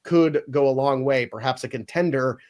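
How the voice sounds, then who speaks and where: A man hosting a casual sports podcast, animated and given to mock outrage. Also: medium pitch, moderate pace. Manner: animated, mock-outraged when picks are taken. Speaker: podcast host running a mock draft.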